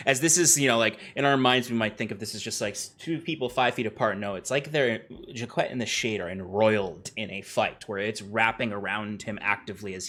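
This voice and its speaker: A man's voice: mid-range voice, a bit bright. A man narrating as game master of a tabletop game, describing the action in a loose, rambling way. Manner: descriptive and loose, with many fillers and restarts.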